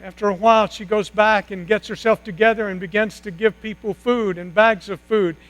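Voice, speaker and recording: Man, high voice, sermon, dramatic pauses, hushed drops, mains hum. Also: fairly even intonation, rough recording. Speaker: pastor.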